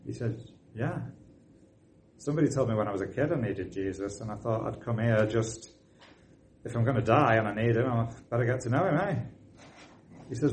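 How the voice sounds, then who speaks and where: A man preaching a sermon, telling a story and rising to loud, excited emphasis. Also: medium pitch, fairly quick, pauses often, slight background noise, poor audio.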